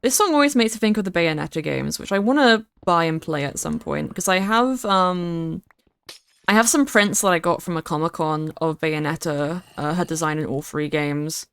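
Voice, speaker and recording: Young woman, game streamer, playful chatter, resonant clear tone, dry room. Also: fairly low pitch, animated, normal speed, no room sound. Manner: chatty, playful, repeats words for emphasis. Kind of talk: casual live-stream chat while gaming.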